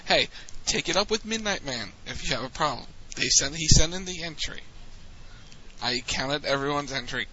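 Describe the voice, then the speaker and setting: A man's voice: a little high, moderate pace, bright, forceful tone. A man co-hosting a podcast in casual, joking banter. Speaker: podcast co-host. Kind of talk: casual chat. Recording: dull lo-fi with faint ambience.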